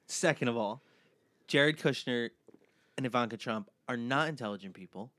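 A man's voice: mid-range voice, unhurried, a bit bright, no room sound. A man co-hosting a comedy podcast who sounds exasperated and defensive and swears often. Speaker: podcast co-host. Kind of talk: comedy banter.

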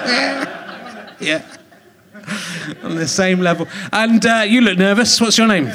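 A man's voice: high-pitched, background noise. An English man hosting a live comedy podcast on a theatre stage, teasing and joking with audience members. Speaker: podcast host.

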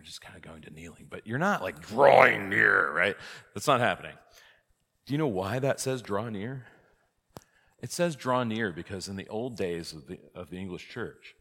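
Low-voiced male priest teaching a class, lively and questioning, in a reverberant hall. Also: moderate pace, husky. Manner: lively, rhetorical questions, emphatic outbursts. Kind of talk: conversational church class teaching. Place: church hall.

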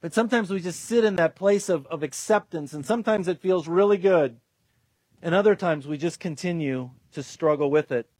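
A man preaching a sermon as a pastor, speaking earnestly with some halting fillers and restarts. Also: on the high side, darkish tone, dry recording. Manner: earnest, acts out quoted voices, restarts with fillers.

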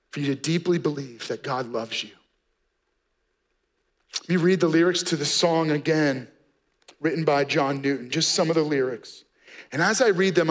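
Slow, emphatic male preacher. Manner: slow, emphatic preaching, drops to soft low tones on key words. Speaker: pastor. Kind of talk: sermon.

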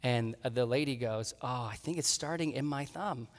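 A man preaching a sermon in a medium voice, recounting his week with animated, acted-out dialogue. The sound carries a long reverb from the church hall around him. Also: medium pitch, normal speed. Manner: animated storytelling, acting out his own dialogue. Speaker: pastor.

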